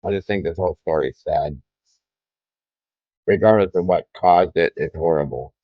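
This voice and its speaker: A man's voice: sits low, normal speed, no room sound, muffled recording. A man hosting a live stream, chatting casually with his viewers and often calling them guys, while he has the hiccups.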